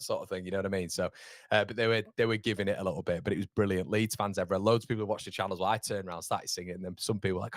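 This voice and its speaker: A man's voice: on the low side, fairly even intonation, racing, no room sound, clean studio sound. A man from York, hosting a live football watchalong in a chatty, rambling way with frequent laughter. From York, England. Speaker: watchalong host.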